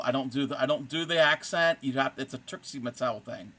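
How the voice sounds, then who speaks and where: A man's voice: mid-range voice, normal speed, pushed and bright. A man hosting a casual crochet live stream, chatty and rambling, full of puns and pop-culture references. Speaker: crochet streamer and fiber artist.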